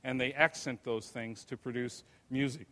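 A man's voice: medium pitch, steady tone, sharp tone. Older man lecturing in a reverberant hall. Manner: conversational, unhurried storytelling. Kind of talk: anecdotal lecture.

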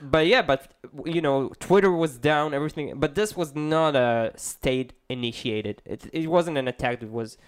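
A man's voice: on the high side, clean tone. Man co-hosting a joking chat podcast. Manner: joking, halting with many restarts. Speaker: podcast co-host. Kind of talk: casual podcast banter.

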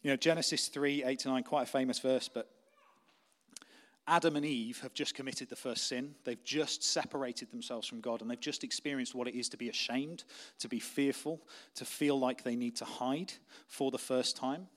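A young adult man delivering a sermon as pastor, his voice sitting at an ordinary middle pitch. He talks conversationally, weaving in personal stories. He drops to a hushed, intense tone when he presses a point home. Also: fairly even intonation, normal speed. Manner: conversational, anecdotal preaching, softening to quiet intensity.

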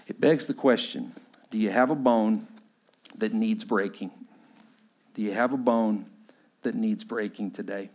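A man from West Texas with a Texan accent, preaching a sermon and telling a personal story, swinging from loud to hushed. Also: lowish voice, unhurried, long pauses. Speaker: pastor.

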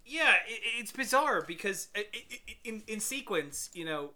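A man's voice: high-pitched, big pitch swings, normal speed, bright, forceful tone. A man in casual chat reviewing a movie, rambling with stammered restarts.

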